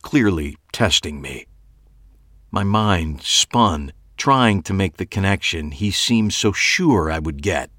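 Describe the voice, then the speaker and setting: A man narrating a first-person story in an audiobook, measured, wry and expressive. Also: sits low, dry recording, studio quality.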